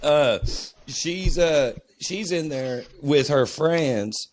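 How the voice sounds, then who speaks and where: Profane, animated man on a podcast. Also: on the high side, drawn-out words. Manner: animated, profane, puts on mocking voices for stories. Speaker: podcast co-host, father. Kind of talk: casual profane chat.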